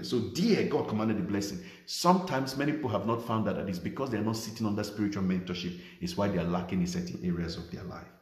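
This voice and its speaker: Male pastor, lower register, emphatic repetitive preaching, roomy echo. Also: a little mellow. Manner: emphatic preaching, repeating key phrases with rising intensity. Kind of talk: livestreamed sermon.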